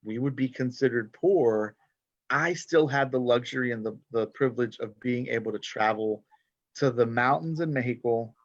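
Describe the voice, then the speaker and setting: Animated man in his forties. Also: mid-range voice, moderate pace, dry recording, muffled recording. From Texas. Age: 40s. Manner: animated, many "like" fillers, mixes in Spanish. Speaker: poet guest. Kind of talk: casual conversation.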